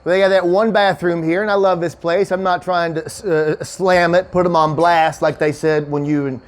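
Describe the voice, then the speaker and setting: A man's voice: sits high, flat delivery, moderate pace. A man from Kentucky doing a loose, profane stand-up set at a winery, chatting with the crowd and laughing at his own jokes. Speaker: stand-up comedian. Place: winery comedy show before a live audience. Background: audience laughter.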